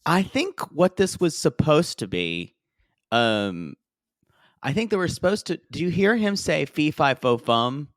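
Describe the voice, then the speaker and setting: A man's voice: a little high, sing-song, measured pace, no room sound, studio quality. A man co-hosting a podcast in casual, giggly chat, often trailing off with fillers. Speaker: podcast co-host. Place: studio in Los Angeles.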